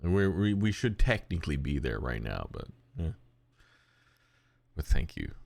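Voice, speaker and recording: A man co-hosting a podcast in casual, rambling chat, animated and given to quick put-on voices when quoting. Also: vocal fry, no echo. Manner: rambling and animated, slips into high cute voices for quotes. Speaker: podcast co-host.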